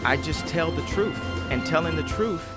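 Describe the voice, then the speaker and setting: A man's voice: on the high side, lively intonation, normal speed. A man speaking expressively in an interview, explaining his ideas. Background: music.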